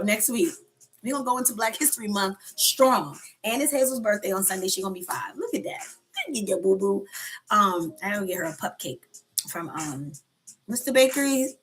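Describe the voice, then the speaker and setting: A woman's voice: medium pitch, a bit bright, low-quality recording. A woman hosting a casual live coffee chat stream. She talks loosely, answers her viewers' comments and laughs often.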